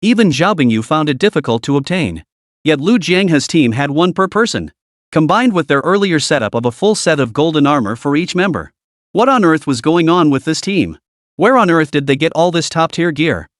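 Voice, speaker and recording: A man's voice: a little high, lively intonation, moderate pace, no echo. Dry-voiced man narrating a story. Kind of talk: scripted audiobook narration.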